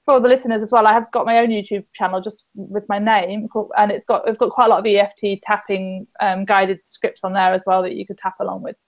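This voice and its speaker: A woman, a tapping practitioner, speaks in a gentle, inviting way. She gives calm step-by-step guidance on a podcast, with a voice of average pitch for a woman. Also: quick pace, hardly any pauses, dull audio. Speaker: EFT tapping practitioner, guest. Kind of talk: guiding a tapping exercise on a podcast.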